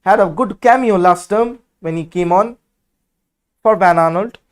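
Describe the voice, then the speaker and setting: A man hosting a football watch-along, giving live match commentary in an excitable, blunt and outspoken way. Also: sits high, measured pace.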